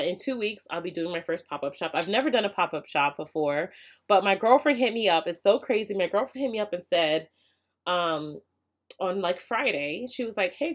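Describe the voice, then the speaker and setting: A young woman with a lowish voice chats on a live stream, loose and heartfelt, laughing often between thoughts. Her speech is casual and full of fillers as she talks to her viewers. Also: expressive, moderate pace. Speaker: hair care channel host.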